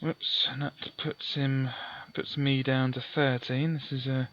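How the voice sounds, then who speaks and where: A man playing through a gamebook, reading its passages aloud and calmly working out dice sums with mild self-deprecating asides. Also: mid-range voice, unhurried, muffled recording. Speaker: let's play host. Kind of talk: gamebook playthrough with read-aloud narration.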